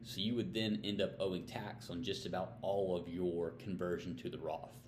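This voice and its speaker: A man's voice: low-pitched, roomy sound, a little hiss or hum. A man hosting a weekly financial tip series, explaining in a casual, plain-spoken way and asking and answering his own questions. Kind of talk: casual explainer talking to camera.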